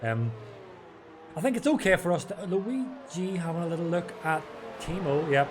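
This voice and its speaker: A man's voice: sits high, animated, normal speed. A man casting a live sim race, joking around and slipping into playful put-on accents. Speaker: sim racing caster. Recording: clear background noise.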